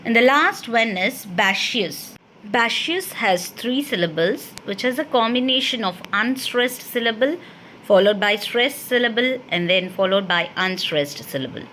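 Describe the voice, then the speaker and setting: A woman's voice: fairly high pitch, lively intonation, a little slow, sharp tone, slight background noise. A woman college English lecturer with an Indian English accent, explaining step by step and answering her own questions in a classroom lecture.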